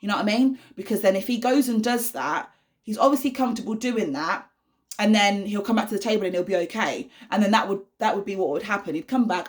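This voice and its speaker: A woman's voice: mid-range voice, brisk. A young woman, talking casually to camera as a vlogging mother, earnest and reassuring with lots of fillers. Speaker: vlogger, mother of an autistic son.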